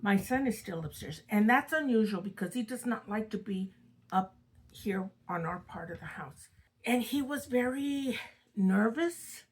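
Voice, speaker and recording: A woman's voice: mid-range voice, lively intonation, measured pace, low-quality recording. An older woman casually retelling a spooky true story from her own family, chatty and dramatic. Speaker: storyteller host. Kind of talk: casual spoken ghost story.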